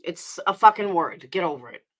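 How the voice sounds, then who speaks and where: A woman's voice: on the low side, expressive, moderate pace. A woman from New York with a New York accent, ranting angrily on a live stream and firing back at her chat with heavy profanity. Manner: heated, profane, confrontational, answering chat. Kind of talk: angry live-stream rant.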